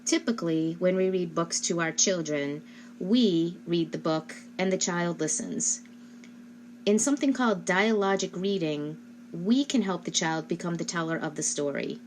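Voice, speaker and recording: A woman giving instructional narration as a speech therapist, speaking slowly and carefully and modeling questions for a child. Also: on the low side, darkish tone, slight background noise. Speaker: speech-language pathologist.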